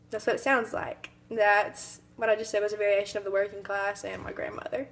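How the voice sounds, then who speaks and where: A young woman from the American South presents an informative speech to her class. Her Southern accent colors the talk, and she hesitates often with ums. Her voice sits at an ordinary middle pitch. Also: level tone, brisk, hardly any pauses, fairly bright tone. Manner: hesitant, many fillers, mimics accents briefly. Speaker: student giving a speech.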